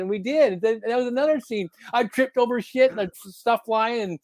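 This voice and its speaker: A man guest on a podcast, telling rambling, animated stories in a casual interview. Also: very high voice, brisk, few pauses, no room sound. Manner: animated, rambling anecdotes with lots of fillers. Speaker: podcast guest, former reality show contestant.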